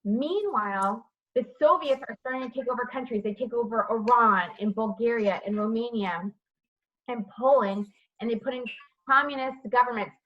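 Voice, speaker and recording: A history teacher, a woman with a fairly high pitch, runs an online class lecture at normal speed. She puts questions to students by name and checks in with "right?", with dull audio from her computer mic on the video call.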